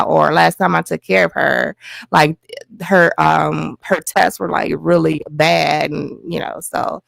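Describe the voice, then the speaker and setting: Gravelly woman telling her story. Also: low voice, takes it slowly, no echo. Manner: animated retelling with quoted dialogue. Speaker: guest, host's wife. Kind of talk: personal storytelling.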